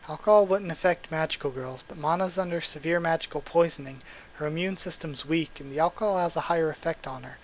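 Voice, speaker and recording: Stern female nurse, huge, firm, matter-of-fact, read by a man, somewhat high voice. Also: fast, lightly acted.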